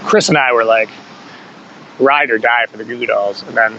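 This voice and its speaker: A man with a middle-pitched voice tells rambling stories about his punk band, swearing freely and chuckling as he goes. The audio sounds dull and lo-fi, with a faint hum of air conditioning underneath. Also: fairly even intonation, normal speed, long pauses, bright, forceful tone. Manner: loose, rambling storytelling with frequent swearing and chuckles. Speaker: podcast guest, singer in a punk band. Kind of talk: casual conversational interview.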